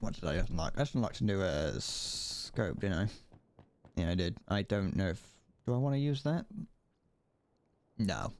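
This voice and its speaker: A man's voice: sits low, animated, moderate pace, long pauses, a little mellow, a little hiss or hum. A British man streaming a shooter game, chatting in a rambling, joking, self-mocking way. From Britain. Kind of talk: casual gameplay commentary.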